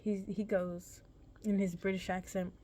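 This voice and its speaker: A woman's voice: medium pitch, level tone, unhurried, mellow. A young woman vlogger casually telling a personal story, rambling and correcting herself in a laid-back, chatty way.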